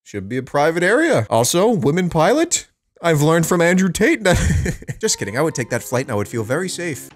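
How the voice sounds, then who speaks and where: A man's voice: on the high side, big pitch swings, a little fast. A man reacting to online videos in casual, sarcastic commentary, swearing freely.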